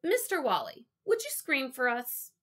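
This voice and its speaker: A woman voicing a tired, gruff older male casting director who sighs and speaks curtly. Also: high voice, huge pitch swings, a little slow, fairly bright tone, pitched above the performer's own voice, exaggerated voice. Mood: weary. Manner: weary, sighing, curt.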